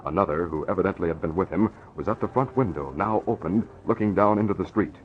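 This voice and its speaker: A man narrating an old radio drama in a measured, dramatic storytelling manner. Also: low voice. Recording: dull lo-fi old radio recording with music.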